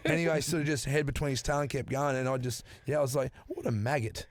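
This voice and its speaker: A man's voice: medium pitch, steady tone, fast talker, no room sound. An Australian man telling a long story in casual podcast chat, swearing freely and acting out the people in it. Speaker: podcast guest.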